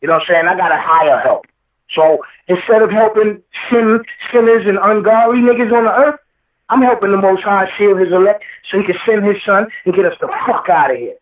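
A man speaking high for his sex, preaching and quoting scripture as he vents, pressing his points again and again. His voice comes through a tinny phone line, distant and echoey. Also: a little fast. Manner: preachy, quotes scripture, repeats himself heatedly. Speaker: rapper guest. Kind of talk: impassioned interview talk.

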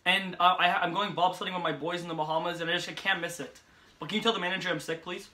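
A teenage boy rattling off a silly excuse on a prank call, quick and rambling. His voice is bright and mid-pitched. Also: steady tone. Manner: rapid, playful, rambling. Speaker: prank caller.

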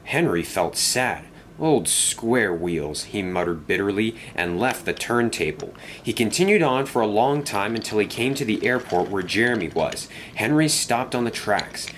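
Lively male storybook narrator. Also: on the low side, moderate pace, hardly any pauses, a little hiss or hum.

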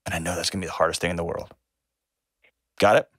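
A man's voice: deep voice, flat delivery, fast talker, fairly bright tone, husky, no room sound, clean studio sound. A man hosting a call-in advice show, speaking earnestly and emphatically and repeating phrases for stress. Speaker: host.

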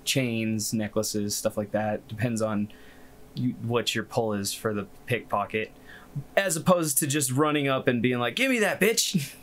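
A man's voice: on the low side, a little slow, a bit bright. A man running a tabletop game as game master, talking in a loose, joking way and laughing often. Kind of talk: casual tabletop game narration.

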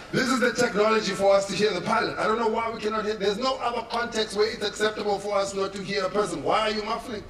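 A man's voice: high voice, steady tone, quick pace, slight background noise. A man with a South African accent performing a stand-up comedy set, telling stories and acting out quotes. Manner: storytelling with acted-out quotes. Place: comedy venue stage. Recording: echoey distant venue with loud crowd laughter. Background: audience laughter.

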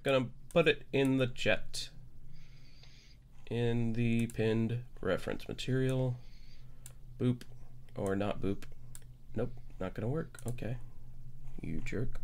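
Halting man running a tabletop game. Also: medium pitch, vocal fry. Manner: halting, full of fillers. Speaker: game master.

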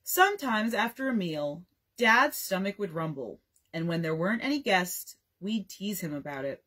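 A woman's voice: medium pitch, moderate pace. A young woman librarian reading a bedtime story aloud, giving the dialogue its own voices. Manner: expressive, reads dialogue in varied voices.

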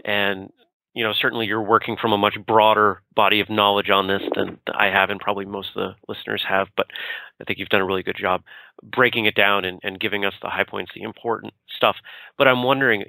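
A man hosting a podcast interview, thanking his guest and asking questions in a polite, measured way. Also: on the low side, little pitch movement, gravelly, sharp tone, no room sound, rough recording. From United States. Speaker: podcast host.

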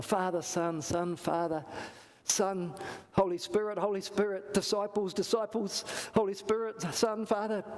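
A man's voice: sits high, big-room sound. A man with a New Zealand accent, preaching a sermon in a church and acting out the voices in his story. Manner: storytelling, acts out quoted voices.

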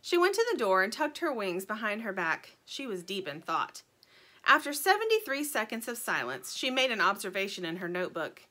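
A woman reading a children's chapter book aloud in a friendly, expressive way. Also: mid-range voice, fairly quick.

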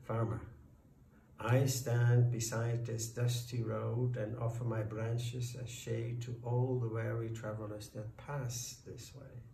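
A man's voice: mid-range voice, flat delivery, slow pace, vocal fry, warm tone. A man voicing an old, gnarled sycamore tree that speaks wisely and solemnly in a storybook tale. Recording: roomy, distant, faint noise.

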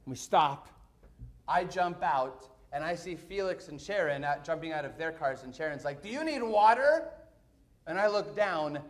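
High-voiced pastor telling a story. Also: male voice. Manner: animated storyteller, swings from hushed to excited. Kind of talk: storytelling sermon.

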